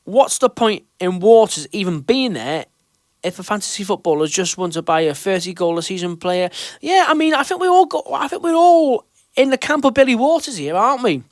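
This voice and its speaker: A podcast host with a high voice and big pitch swings talks a little fast in clean studio audio with no room sound. He runs a fan show in casual chat, reading out questions and reassuring listeners, chatty and comforting, with loose restarts.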